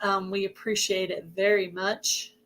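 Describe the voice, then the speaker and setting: A woman with a Southern US accent hosting a casual livestream chat. Her voice is hoarse, and she chats away and greets viewers by name. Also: mid-range voice, little pitch movement, unhurried, fairly bright tone. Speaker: host of a livestream.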